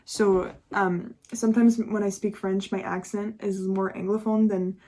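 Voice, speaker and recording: A woman's voice: mid-range voice, level tone, unhurried, mellow. Young adult woman, YouTuber, candid and profane casual vlog chat, laughs a lot.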